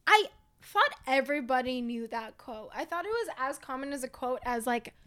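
A young woman with a high, bright-pitched voice, co-hosting a casual podcast. She talks in a loose, chatty way, swears freely and tells her stories with animation. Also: lively intonation, moderate pace. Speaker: podcast co-host. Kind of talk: casual chat.

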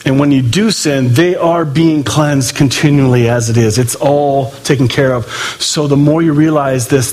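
A man preaching a sermon in an animated way, acting out quoted voices and swinging between loud and hushed delivery. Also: a little high. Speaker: pastor.

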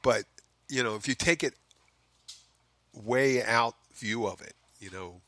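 Bright, profane Philly podcast man. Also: medium pitch, slow pace. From Philadelphia. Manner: rambling, profane, self-mocking asides. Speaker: podcast host. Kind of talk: casual comedic monologue. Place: home in the Florida Keys.

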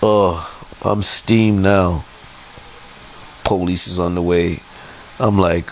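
A man's voice: lowish voice, measured pace, slight background noise, rough recording. A man telling a frustrating story in a heated, profane, repetitive rant on his podcast. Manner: heated, profane, repeats himself a lot. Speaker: podcast host.

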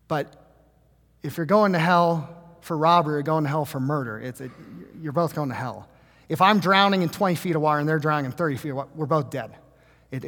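Emphatic preacher man in a reverberant hall. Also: medium pitch. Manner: conversational preaching, swings from hushed to emphatic. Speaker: pastor. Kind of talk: sermon.

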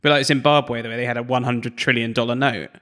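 A man's voice: medium pitch, fairly even intonation, fast, a bit bright. A man co-hosting a podcast, telling rambling anecdotes full of "like" and "literally". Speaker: podcast co-host. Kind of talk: casual chat.

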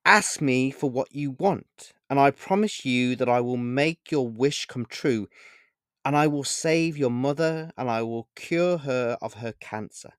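A man reading a short story aloud, voicing a mysterious, sincere man in black who speaks in a calm, assured, gently insistent way. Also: medium pitch, measured pace, clean tone, no room sound, studio quality, natural voice.

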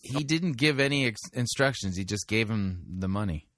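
A man's voice: on the low side, animated, moderate pace, fairly bright tone, no echo, studio quality. A man hosting a show who reads scripture aloud and corrects a sermon's retelling of it. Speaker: host reviewing a sermon. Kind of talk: critical commentary with scripture reading.

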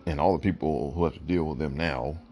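Blunt, very deep gravelly man. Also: fairly even intonation, fairly quick, warm tone, slight background noise. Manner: blunt, emphatic, repeats "look". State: hiccups. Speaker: podcast host. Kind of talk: opinionated solo commentary.

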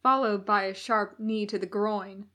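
A woman reading fan fiction aloud as an audiobook narrator, in a measured, even delivery. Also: medium pitch. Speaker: podfic reader.

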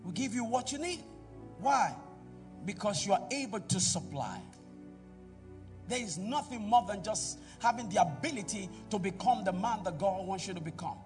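High-voiced pastor preaching. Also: male voice, animated, moderate pace, far from the mic, faint music behind. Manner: preaching with call-and-response to the congregation; swings between loud exhortation and quiet asides. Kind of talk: sermon. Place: church.

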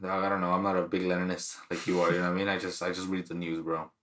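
A man's voice: low voice, level tone, very fast, fairly bright tone, roomy sound. A man co-hosting a podcast, telling stories in loose, profane, slangy casual banter. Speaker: podcast co-host.

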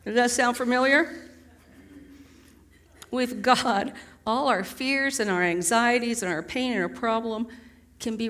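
A middle-aged woman preacher delivers a sermon. She talks conversationally, with gentle humor, and asks the listeners one rhetorical question after another. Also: fairly high pitch.

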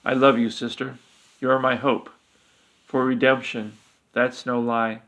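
A desperate, resolute female elf confides in urgent tones, as read by a man. Her lines come out gravelly and level in pitch. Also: little pitch movement, measured pace, a bit bright. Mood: tender.

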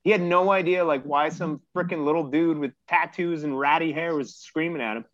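A man's voice: fairly high pitch, brisk, a bit bright, no room sound. A man in his thirties telling a rambling, self-mocking story in casual chat and swearing freely. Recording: dull lo-fi dry recording.

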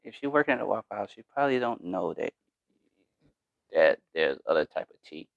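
A man, co-hosting a casual podcast, hesitant and halting with many restarts. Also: fairly low pitch, sing-song, vocal fry, no room sound. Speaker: podcast co-host. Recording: dull lo-fi sound.

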